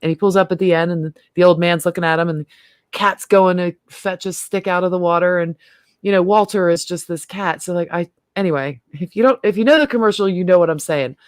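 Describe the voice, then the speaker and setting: A woman's voice: lowish voice, a little fast, no room sound, studio quality. A middle-aged woman hosting a casual livestream chat, talking freely and laughing often. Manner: chatty, laughs often, trails off and restarts. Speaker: host.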